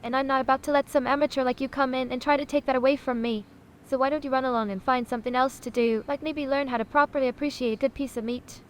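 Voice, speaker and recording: A woman's voice: sits high, fairly even intonation, fast talker, slight background noise, natural voice. A text-to-speech woman's voice playing a sassy, self-important AI chatbot that calls itself a sausage, haughty and condescending, calling people honey. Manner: haughty, dramatic, condescending, says honey a lot.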